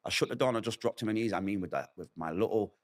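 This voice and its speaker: A man's voice: lowish voice, very fast. A middle-aged man telling his own hard story in an interview, candid and emotional, acting out what people said. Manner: candid, emotional storytelling with vivid acted quotes. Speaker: interview guest. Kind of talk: personal testimony in a sit-down interview.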